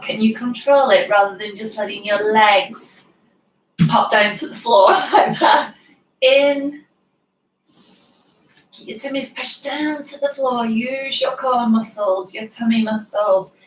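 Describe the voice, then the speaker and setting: A yoga teacher from the United Kingdom talks her class through each stretch and breath, her slightly high voice moving slowly and warmly encouraging. She laughs easily and drops to soft cues for the breathing. The sound is roomy and caught from some distance, with faint ambience underneath. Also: a little hiss or hum. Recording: roomy sound from away from the mic.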